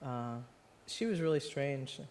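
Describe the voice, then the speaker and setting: An American woman appears as an author guest in a live onstage conversation before an audience in a large hall, with long reverb around her. Her very deep, darkish voice is animated and a little slow as she rambles, laughs often, and pokes fun at herself.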